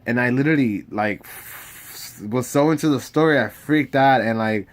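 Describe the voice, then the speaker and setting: A man's voice: mid-range voice, normal speed. A young man talking in a casual, rambling monologue, swearing freely and losing his train of thought. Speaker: vlogger.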